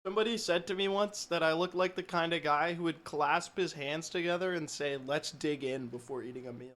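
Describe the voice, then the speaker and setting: A man's voice: on the high side, brisk, a bit bright. A man streaming live, chatting casually, poking fun at himself and answering his chat. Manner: joking, self-mocking, reacts to chat.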